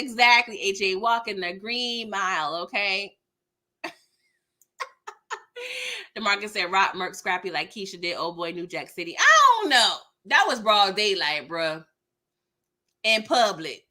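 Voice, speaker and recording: A woman's voice: medium pitch, unhurried, long pauses. A woman hosting a live TV recap, chatting casually with lots of laughs and acting out characters' lines. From California. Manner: animated, laughing, acts out characters mid-story. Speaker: TV recap host.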